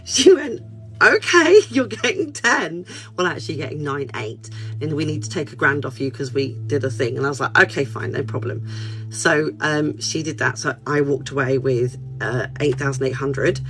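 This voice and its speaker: Brief: woman counsellor on a phone livestream, lively casual talker, soft music faint behind. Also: very deep voice, fairly quick, poor audio. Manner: animated, chatty, swears casually. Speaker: spiritual counsellor. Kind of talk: casual livestream chat and storytelling. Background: soft background music.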